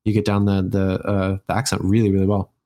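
A man's voice: deep voice, completely flat delivery, fast, mellow. A man talking casually as a guest, rambling with many restarts and fillers. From United States. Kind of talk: casual conversation.

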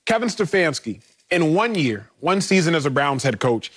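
Sports show guy, a bit high voice, preaching his take hard, stacking up stats. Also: sing-song, normal speed, a bit bright, husky. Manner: fervent, rhetorical, lists facts with conviction. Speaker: sports talk show co-host. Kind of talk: sports debate.

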